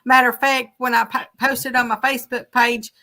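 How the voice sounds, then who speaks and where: A woman chatting casually as a guest on a live stream, greeting viewers warmly by name. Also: fairly high pitch, level tone, normal speed. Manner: friendly, greets viewers as Mister and Miss.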